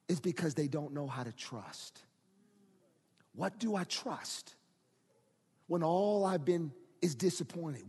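A pastor preaching a sermon, moving from quiet talk to shouted, rising preaching. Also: male voice, sits high, breathy edge, long reverb tail.

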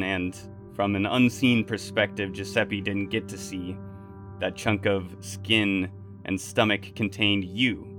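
A man with a low voice narrates as game master, measured and dramatic. Loud music runs under his narration.

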